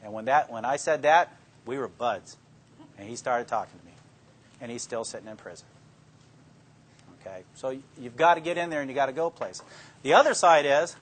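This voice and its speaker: A man's voice: a little high, fairly bright tone. An older man, a police detective, telling law students plainspoken stories about interrogating suspects. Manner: folksy, plainspoken storytelling that acts out his own interrogation lines. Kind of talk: anecdotal talk to an audience.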